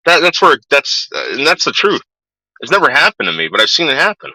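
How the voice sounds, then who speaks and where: A man's voice: fairly high pitch, huge pitch swings, a little fast, pushed and bright, dry recording, poor audio. A middle-aged man ranting casually to his viewers, swearing a lot and stumbling over repeated words. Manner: profane, stammering repeats. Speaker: vlogger. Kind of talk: casual rant.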